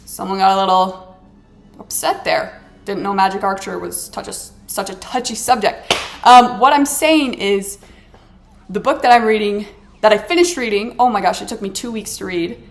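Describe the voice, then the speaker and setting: A woman's voice: mid-range voice, normal speed, creaky. A woman vlogger chatting casually while she plays a mobile game, ranting dramatically with sarcastic, exasperated asides. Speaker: gaming vlogger.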